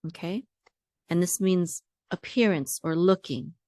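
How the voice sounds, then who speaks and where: A woman's voice: on the low side, measured pace, warm tone, no room sound, clean studio sound. A woman teaching a language lesson, spelling words out syllable by syllable and patiently repeating each sound. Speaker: Hebrew teacher. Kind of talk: word-by-word reading lesson.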